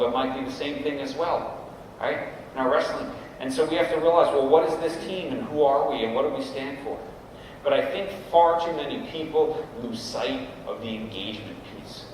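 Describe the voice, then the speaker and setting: A man's voice: mid-range voice, a little hiss or hum. A middle-aged man giving an informal talk to a group of coaches, often checking in with the audience. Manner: conversational, often adds "right?" to check in with the room. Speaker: guest speaker at a coaches' meeting. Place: large room at a meeting. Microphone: camera at a distance. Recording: echoey hall recorded from far off.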